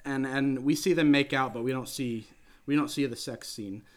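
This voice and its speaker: A man casually recapping a film on a podcast, rambling and animated, dropping into silly voices for the characters. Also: mid-range voice, moderate pace. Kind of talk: casual chat.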